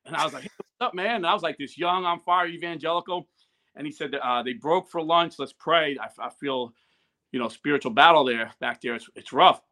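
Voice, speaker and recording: Guy telling a story, bright punchy voice, acts out all the lines. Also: fairly high pitch, a little fast. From New Jersey. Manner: animated, acts out quoted dialogue. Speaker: guest, YouTuber. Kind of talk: casual storytelling.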